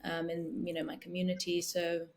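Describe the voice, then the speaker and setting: A woman in her forties, a guest in an interview, speaking in a soft, reflective way with many "you know" fillers. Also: lowish voice, monotone, moderate pace. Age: 40s. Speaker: guest, founder. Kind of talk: casual interview talk.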